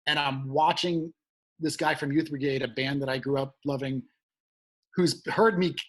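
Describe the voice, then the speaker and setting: A man, a comedian guest, telling a long road story in casual chat, profane and animated, shouting out the lines he quotes. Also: on the high side, normal speed.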